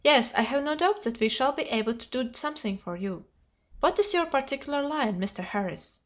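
A woman's voice: high-pitched, expressive, fairly quick. A woman reading the part of a nervous, overwrought male company manager who pleads under strained politeness, in a dull lo-fi recording.

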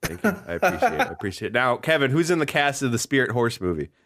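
Young male podcast co-host, mid pitch, lively delivery, laughs often. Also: fast, a little hiss or hum. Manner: animated, laughing, exclaims in bursts. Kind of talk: casual chat.

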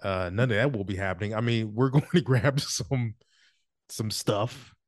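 Man, podcast co-host, teasing, laughs a lot, lowish pitch, dry sound. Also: normal speed, no room sound. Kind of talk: casual chat.

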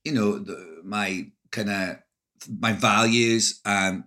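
Slow and sharp-toned, this man's lowish voice carries a thoughtful interview conversation. He is an actor and author from Scotland, and his speech is full of hesitations and restarts.

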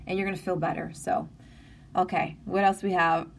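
A woman's voice: on the low side, flat delivery, moderate pace, creaky. Earnest, emotional woman live-streaming. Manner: earnest, emotional, encouraging, with many restarts. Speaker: livestream host. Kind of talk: live-stream chat reading comments.

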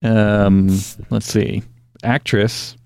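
A man co-hosting a casual podcast, thinking aloud with many ums and pauses. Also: fairly low pitch, level tone, creaky, a little mellow, clean tone, no room sound, clean studio sound. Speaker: podcast co-host. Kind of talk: casual chat.

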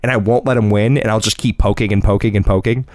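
A man's voice: fairly low pitch, fairly even intonation, fast talker, a little mellow, no room sound, studio quality. A man in his thirties co-hosting a casual chat, animatedly telling stories and acting out his son's lines. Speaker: co-host.

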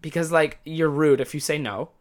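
A man's voice: fairly high pitch, steady tone, normal speed. A man hosting a podcast, talking in a casual monologue, with a profane, exasperated, comic ranting manner. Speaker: podcast host.

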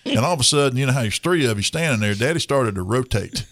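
A man's voice: mid-range voice, expressive, fast talker, a bit bright, slight background noise. A man, hosting a radio talk show and telling a rambling, folksy story with chuckles.

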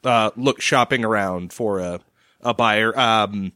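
A man's voice: fairly low pitch, slow, pushed and bright, no echo. A man co-hosting a casual podcast, steadily reading out news items with dry replies. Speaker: podcast co-host. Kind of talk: casual chat.

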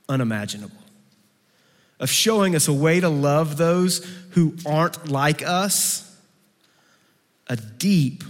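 A man preaching a sermon who acts out quoted voices and moves between soft, low passages and lively, raised ones. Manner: acts out quoted voices with big pitch swings. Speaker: pastor. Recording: long hall reverb.

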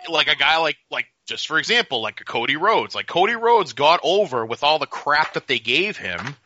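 A man co-hosting a casual wrestling chat, talking animatedly and slipping into quick impressions. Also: fairly high pitch, very animated, pushed and bright. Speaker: podcast co-host. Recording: dull lo-fi sound.

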